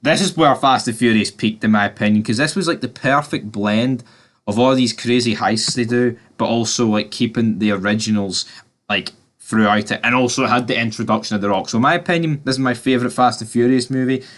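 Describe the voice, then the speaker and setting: A man rambles through a casual movie review, chatting to his viewers as if they were mates. His voice sits at an ordinary middle pitch, and he drops in the odd swear word without slowing down. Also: fairly bright tone. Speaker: film reviewer.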